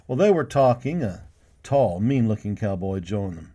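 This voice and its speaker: A man's voice: fairly low pitch, moderate pace. A man reading a western storybook aloud, giving each character a voice of his own. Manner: lively, voicing each character. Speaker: narrator.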